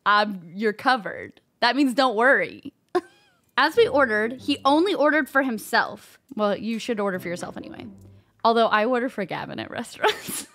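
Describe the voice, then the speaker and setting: Bubbly woman with a lively voice. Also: fairly high pitch, moderate pace. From United States. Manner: blunt, sweary and laughing often. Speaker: host reading and judging advice posts. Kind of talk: casual vlog commentary.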